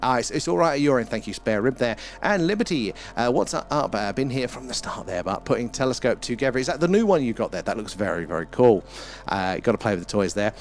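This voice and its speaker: A man's voice: medium pitch, expressive, fast, a little hiss or hum. Chatty British man hosting a live stream. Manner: chatty, greets and thanks viewers by name, mild swearing. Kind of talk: casual live-stream chat. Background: faint ambient music.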